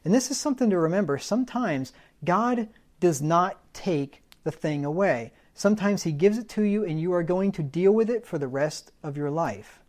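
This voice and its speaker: A man's voice: high voice, lively intonation, moderate pace, darkish tone. Guy preaching a sermon, chatty folksy bible teacher, explains words, jokes around a bit. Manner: conversational teaching, defines words, folksy humorous asides.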